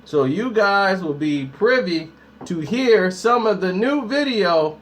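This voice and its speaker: A man's voice: high voice, animated, slow pace, a bit bright. A man hosting a casual live stream, talking straight to his viewers in a slangy, hyped way. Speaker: YouTube host.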